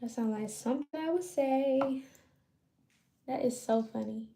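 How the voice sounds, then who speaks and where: A woman with a fairly high, gravelly voice chats loosely with her viewers while braiding her hair. She speaks in a relaxed, rambling way. The room gives her voice a roomy echo. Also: unhurried. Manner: loose, chatty, talks to viewers. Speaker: livestream host.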